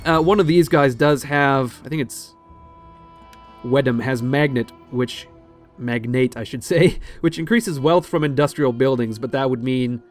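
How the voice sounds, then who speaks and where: A man hosting a strategy game let's play, talking casually, digressing and swearing now and then. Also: medium pitch. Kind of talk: casual gameplay commentary.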